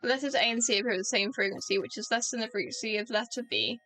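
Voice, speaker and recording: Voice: mid-range voice, rapid-fire, sharp tone, faint music behind. A British streamer commentating a video game playthrough, joking with chat and teasing themself. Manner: self-mocking, joking with chat.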